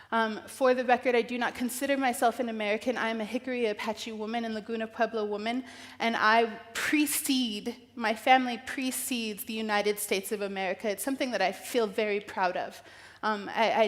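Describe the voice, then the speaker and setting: A woman from northern New Mexico speaks in a fairly high voice, giving an earnest personal keynote. She talks haltingly, restarting lines and filling gaps with "um," and she is close to tears. Her voice rings out with the long reverb of a large event hall. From northern New Mexico, US Southwest. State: emotional.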